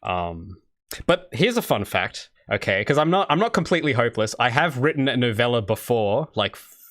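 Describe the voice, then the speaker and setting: A man's voice: medium pitch, very animated, fairly quick, fairly bright tone. A young man from Australia chatting casually on his game dev livestream, rambling and answering chat. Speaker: indie game developer streaming.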